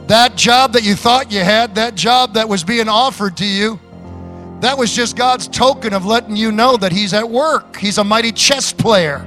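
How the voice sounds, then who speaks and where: A male pastor preaching a sermon slowly and emphatically, with laughs and sudden lifts in his voice. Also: high-pitched, sharp tone, soft background music.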